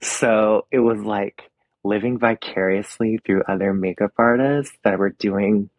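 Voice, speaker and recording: Low, husky-voiced man telling his story. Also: measured pace, dry recording, dull audio. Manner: open, emotional storytelling with soft laughs. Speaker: guest, makeup artist. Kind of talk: casual interview.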